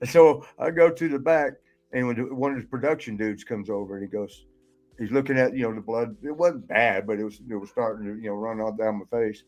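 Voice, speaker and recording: A man's voice: mid-range voice, fairly quick, soft background music. Laughing older man telling stories. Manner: laughs often, swears, rambling asides. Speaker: retired pro wrestler and podcast guest. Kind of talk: casual storytelling.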